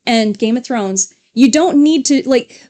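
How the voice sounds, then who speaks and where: A woman's voice: a little high, measured pace, warm tone. A woman co-hosting a livestream, chatting casually in a rambling way with restarts. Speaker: livestream co-host. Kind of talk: casual chat.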